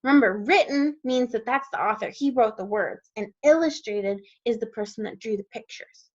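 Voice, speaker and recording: A woman, a kindergarten teacher, reading a storybook aloud to young children and gently asking them questions along the way. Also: a little high, normal speed. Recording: dull lo-fi recording.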